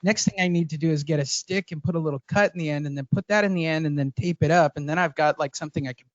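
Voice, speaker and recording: A man's voice: on the high side, fast talker, no room sound, dull audio. A man hosting a casual chat with a jokey, chatty manner. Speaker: podcast host.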